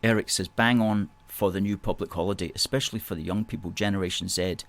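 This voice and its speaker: A man's voice: low voice, fairly even intonation, quick pace, a bit bright. A man hosting a live chat show, reading out viewer comments and answering them. He is emphatic and repeats phrases and words of agreement. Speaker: host.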